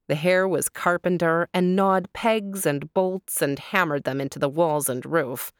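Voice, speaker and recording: A woman reading a storybook aloud, lively and unhurried. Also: fairly low pitch, no echo, clean studio sound. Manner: slow and lively.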